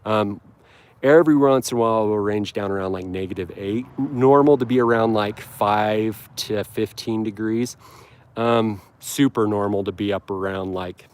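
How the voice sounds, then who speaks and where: A man's voice: on the low side, normal speed. Rambling man chatting on a live stream. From Utah. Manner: rambling, upbeat, frequent ums and restarts. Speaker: lawn care livestreamer. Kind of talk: casual live stream chat. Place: outdoors on his lawn. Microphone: handheld phone camera.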